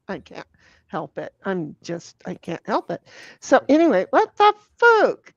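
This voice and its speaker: A woman's voice: on the low side, sing-song, unhurried, a little mellow, slightly rough, no room sound, dull audio. A woman hosting a livestream, chatting casually, swearing freely and reading viewer messages aloud while playing a party game. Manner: swears freely, laughs often, reads chat aloud. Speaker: livestream host.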